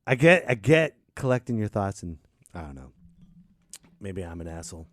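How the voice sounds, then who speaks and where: Animated ranting male podcast host. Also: low-pitched, moderate pace, no room sound, clean studio sound. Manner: ranting, sarcastic, swings between loud and mumbled. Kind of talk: casual ranting chat.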